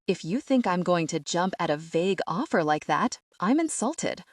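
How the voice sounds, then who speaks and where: A woman's voice: lowish voice, sing-song, normal speed, no room sound. A woman voicing a cocky young male thief in an audiobook, with playful, teasing banter.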